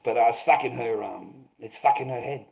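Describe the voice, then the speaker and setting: A man's voice: medium pitch, normal speed, vocal fry, a little mellow, poor audio. A middle-aged Australian man telling a rambling anecdote, swearing often and filling gaps with "rah, rah".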